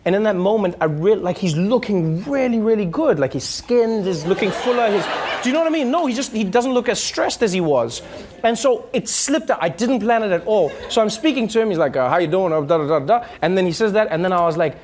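A man doing stand-up comedy, telling stories with lively voice impressions. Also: sits high, brisk. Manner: animated storytelling with playful voice impressions. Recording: live room with crowd noise.

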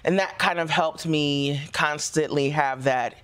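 A woman actor being interviewed as a talk show guest, telling stories in a relaxed, expressive way. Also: deep voice, unhurried, clean tone. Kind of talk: interview chat.

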